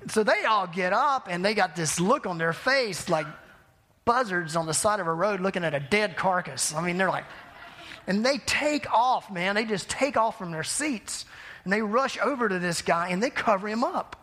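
A man preaching a sermon, telling a personal story in a conversational, animated way with self-deprecating laughs. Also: high voice, normal speed. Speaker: pastor.

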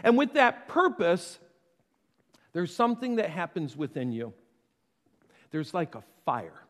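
High-voiced man preaching in a reverberant hall. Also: very animated, unhurried. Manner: conversational preaching with playful asides and acted quotes. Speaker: pastor. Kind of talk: sermon.

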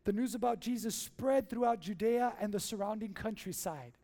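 A man's voice: high voice, normal speed, mellow. A man preaching a sermon as pastor in a church, playful and jokey, asking the crowd questions and answering them.

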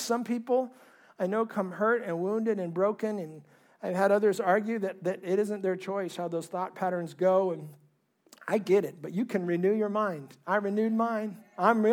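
Fervent high-voiced male preacher. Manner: fervent, rising to loud emphatic bursts. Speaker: pastor. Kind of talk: sermon.

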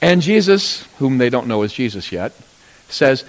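A man preaching a sermon, telling a Bible story and acting out its characters in sudden loud bursts. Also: medium pitch, lively intonation, moderate pace. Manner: storytelling, acting out voices of biblical figures with sudden loud rises. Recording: long hall reverb.

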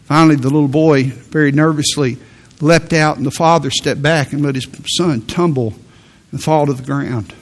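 A middle-aged male pastor delivering a sermon. His voice sits a little high for a man. He speaks earnestly and stresses points with sudden lifts. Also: fairly even intonation, normal speed. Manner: earnest, emphatic preaching with sudden rises.

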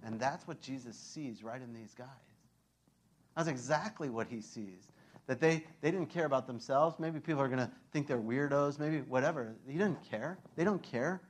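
A man's voice: medium pitch, moderate pace. A man preaching a sermon in a casual, conversational way, full of fillers, acting out scenes and laughing often. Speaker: pastor.

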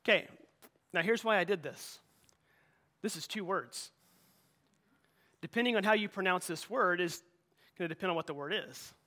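A man's voice: high-pitched, normal speed, long pauses, pushed and bright. A middle-aged male pastor preaching a sermon in a church, in a conversational way with frequent repeated words and restarts. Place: church sanctuary.

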